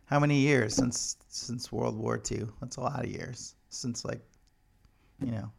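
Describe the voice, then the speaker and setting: Rambling joking man with gravelly voice. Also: mid-range voice, steady tone, a little slow, a little hiss or hum. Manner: rambling, joking, many fillers. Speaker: vlogger. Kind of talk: comedic casual monologue.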